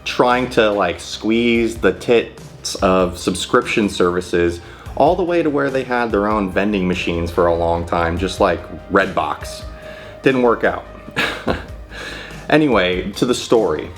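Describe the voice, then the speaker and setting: A man in his thirties from California, telling a personal story on his vlog in an animated, profane way and laughing often. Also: fairly low pitch, takes it slowly, soft background music. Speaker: channel host.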